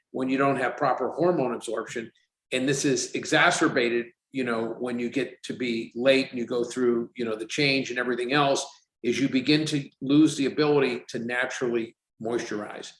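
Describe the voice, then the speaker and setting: A man in his sixties talks at a middle pitch, chatty and animated, slipping into the voices of the people in his stories. The room rings around him, giving his voice a noticeable echo. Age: 60s. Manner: animated storyteller, acts out quotes. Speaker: company CEO guest. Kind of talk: casual podcast interview. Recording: roomy echo.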